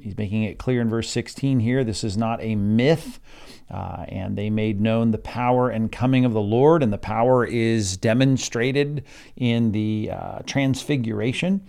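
A man's voice: mid-range voice, gravelly, a little mellow. A man leading an evening Bible study in an informal teaching manner, with frequent fillers and emphatic stresses.

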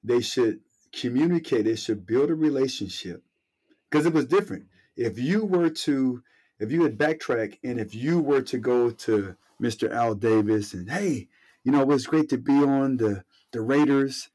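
Husky-voiced man hosting a podcast. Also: mid-range voice, normal speed, a little mellow. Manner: drawing lessons about leadership from the guest's story. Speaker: podcast host. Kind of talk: conversational interview.

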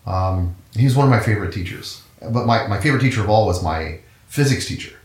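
A man's voice: on the low side, animated, quick pace, echoey room. A man being interviewed about his path into music, talking casually and telling stories with many restarts and fillers. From Cincinnati, USA. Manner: rambling storyteller with frequent restarts and fillers. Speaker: guest musician, trumpet player.

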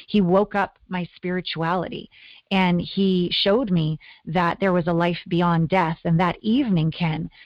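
A middle-aged woman from Canada, a guest telling her life story in an earnest, animated way. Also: lowish voice, a little slow, no room sound. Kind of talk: interview storytelling. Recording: dull lo-fi audio.

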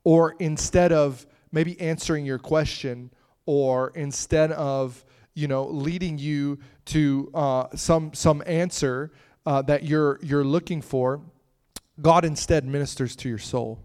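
A man's voice: fairly high pitch, fairly even intonation, slow pace, darkish tone, clear, resonant tone. A man preaching a conversational sermon, chatting with the congregation and breaking into fits of laughter.

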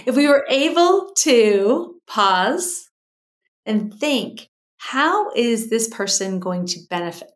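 A middle-aged woman, a guest expert on a podcast, explaining communication habits in a lively way and acting out quoted voices. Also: a little high, takes it slowly. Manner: animated, acts out quoted voices, explains in lists. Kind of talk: podcast interview.

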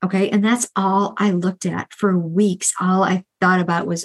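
A woman's voice: lowish voice, little pitch movement, poor audio. Earnest middle-aged woman confessing money woes. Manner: confessional and earnest, retelling her own debt story; restarts often and adds quick asides like "right?". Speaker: financial coach. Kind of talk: candid solo podcast monologue.

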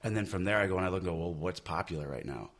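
A man's voice: low-pitched, lively intonation, very fast, a bit bright. A man, a comic book artist, chatting casually on a podcast, rambling with many restarts and fillers.

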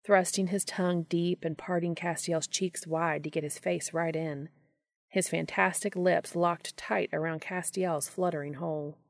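A woman with a lowish voice and a gravelly, fry-tinged texture reads a story aloud in a steady, measured way. Her voice sounds dry and close, with no room around it. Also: no room sound. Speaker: podcast reader. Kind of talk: reading fan fiction aloud.

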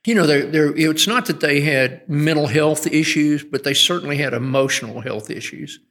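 A man's voice: fairly high pitch, moderate pace, fairly bright tone. A middle-aged man speaking as a guest educator in an interview, an earnest storyteller who often restarts his sentences. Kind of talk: conversational interview. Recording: long hall reverb.

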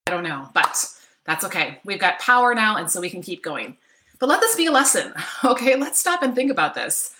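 A woman's voice: mid-range voice, very animated, fairly quick, bright, forceful tone. Chatty woman coach on her computer mic, keeps saying right?, kinda roomy sound. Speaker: online course coach. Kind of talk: live online workshop talk. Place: home office.

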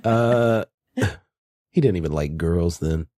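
A man's voice: low-pitched, slow pace, warm tone, no room sound, clean studio sound. A man narrating a tabletop game as game master, joking and laughing often.

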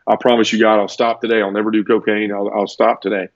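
In conversation, a man with a fairly low voice tells an emotional personal story as a guest, quick-paced and flat, earnest and near tears. He stumbles through restarts and repeated words. The audio is dull and lo-fi, dry and close, with no room echo.

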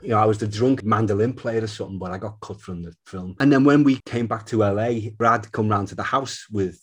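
A middle-aged man with a husky, breathy voice that sits on the low side. He talks as an interview guest, rambling loosely and circling back with fillers and restarts. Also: a little fast. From Liverpool, England. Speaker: guest, film composer. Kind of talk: casual chat.

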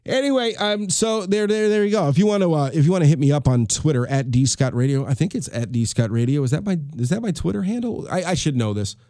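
A man's voice: fairly high pitch, expressive, fast talker, hardly any pauses, mellow, dry recording, clean studio sound. A man in his forties hosting a solo talk show, rambling and self-deprecating in a casual, conversational way. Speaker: podcast host. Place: home studio in New York.

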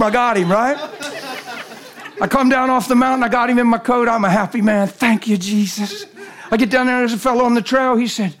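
A man preaching a sermon at a church service, animated and telling stories, acting out the voices in them and swinging from loud to hushed. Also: extremely high pitch, brisk. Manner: acts out voices in his stories. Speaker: guest preacher. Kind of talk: sermon with storytelling.

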